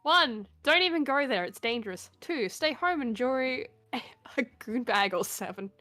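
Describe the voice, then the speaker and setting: A woman chatting casually on a livestream, blunt and quick to swear, laughing between remarks. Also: on the high side, lively intonation, sharp tone, soft background music. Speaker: stream guest.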